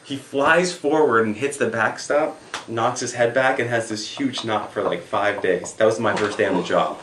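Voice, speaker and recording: A young man who works as a camp counselor, telling stories in a casual interview, animated and full of fillers. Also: on the low side, normal speed. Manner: animated, filler-heavy storytelling. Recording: echoey room with faint noise.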